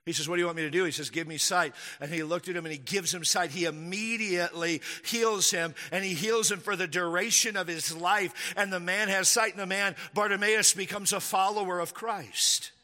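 A man preaching a sermon as a pastor, animated, acting out the people he speaks of in a raised voice. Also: high-pitched, fairly quick, few pauses. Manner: animated, acts out the disciples' lines in a raised voice. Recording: echoey hall with long reverb.

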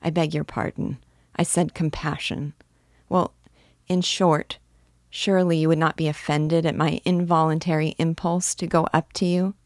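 Woman voicing a timid lonely young man, earnest and pleading, low voice, dry sound. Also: little pitch movement, normal speed, a little mellow, no echo. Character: shy lonely dreamy young man of twenty-six.

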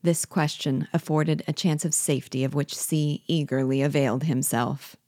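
Low-voiced woman reading a novel aloud. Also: no echo, clean studio sound. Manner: measured, steady narration. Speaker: book reader and guide.

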